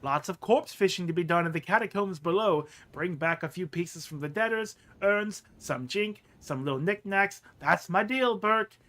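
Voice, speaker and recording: A man's voice: high voice, normal speed, few pauses, fairly bright tone. A man voicing a grimy, wheezing male trader of corpse parts who haggles and keeps tacking "eh" onto his lines. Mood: sly. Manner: suspicious, haggling, ends lines with "eh".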